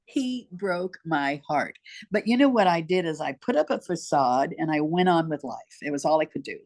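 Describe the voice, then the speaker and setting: A woman's voice: deep voice, expressive, brisk, darkish tone. Older woman telling her story emphatically. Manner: emphatic, repeats herself for weight. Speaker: guest. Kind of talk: personal storytelling in conversation.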